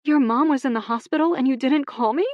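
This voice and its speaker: A woman narrator voicing an upset young woman, with lines pitched high and spoken emphatically. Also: very animated, normal speed, dry recording, highs cut off. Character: young woman, upset and hurt, quick-tempered.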